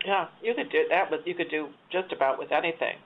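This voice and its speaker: A woman's voice: sits low, quick pace. A woman hosting a webinar interview, conversational and asking follow-up questions. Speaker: webinar host. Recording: tinny phone-like line with faint hiss.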